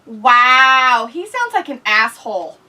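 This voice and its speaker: A woman with a high-ish, expressive, bright and forceful voice speaks at normal speed, far from the mic on a low-quality recording. Hosting a casual, profane watch-along live stream, she reads viewer comments aloud and answers with blunt, crude jokes and lots of laughter.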